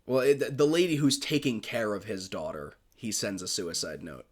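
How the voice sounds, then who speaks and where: A man's voice: on the low side, normal speed. A man giving a casual film review monologue, gushing and rambling with frequent swearing.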